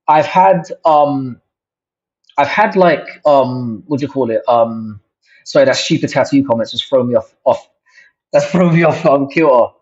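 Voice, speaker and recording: Chatting to his viewers, this young livestream host rambles, swears, and keeps restarting as he reacts to comments. He speaks at a medium pitch with a darkish, breathy-edged tone, heard through dull lo-fi stream audio.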